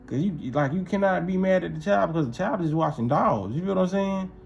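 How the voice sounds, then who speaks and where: A man's voice: high-pitched, animated, a little fast, vocal fry, a little mellow. Man, casual storytelling, loose slang, repetitive, faint music behind. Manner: loose, repetitive, keeps asking "you feel what I'm saying".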